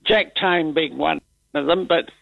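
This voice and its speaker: An older New Zealand man calls in to talkback, rambling and hesitant as he grumbles. His voice sits high for a man. The line sounds dull and muffled, dry. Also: measured pace, gravelly, dry recording. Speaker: caller. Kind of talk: casual talkback chat.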